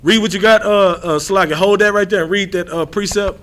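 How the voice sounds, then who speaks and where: A man teaching scripture in a loose, blunt, slangy way. His voice sits high and sounds bright and sharp. He drags out repeated lines for emphasis and keeps restarting his thoughts. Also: fairly even intonation, fairly quick. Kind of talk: street-style scripture lesson.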